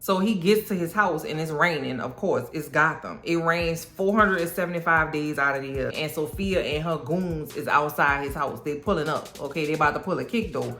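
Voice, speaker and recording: A woman recapping a TV episode in a casual, animated, sassy way, full of slang. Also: low voice, moderate pace, few pauses. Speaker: TV recap vlogger. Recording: roomy room with faint music.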